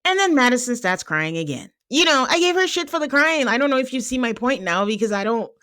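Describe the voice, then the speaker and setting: A woman's voice: fairly high pitch, big pitch swings, fast talker, a bit bright, dry recording, clean studio sound. A young adult woman hosting a podcast, chatting animatedly about a reality show, laughing often and acting out quotes. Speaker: podcast host. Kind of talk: casual chat recapping a reality show.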